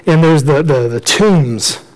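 A man preaching a storytelling sermon, with a high-pitched voice. He talks in a lively, joking way and keeps acting out the people in the story. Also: slow, rough recording. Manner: lively, joking, acts out the characters.

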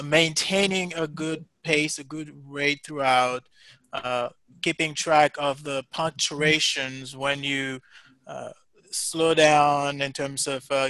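A man's voice: on the high side, bright, forceful tone, no echo. A man teaching a class, giving patient, encouraging feedback with many fillers and restarts. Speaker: instructor.

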